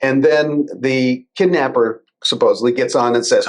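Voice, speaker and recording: A man being interviewed as a guest, explaining in a measured, conversational way. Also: medium pitch, steady tone. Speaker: guest, cybersecurity lawyer.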